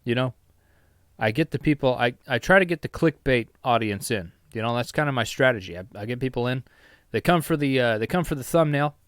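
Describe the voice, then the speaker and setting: Dude rambling thru his own podcast in his basement, jokey and sweary, mid pitch, super dry sound. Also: a little fast, no echo. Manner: rambling, self-mocking, swears freely. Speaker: solo podcast host and YouTuber. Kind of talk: casual rambling solo podcast. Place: home basement.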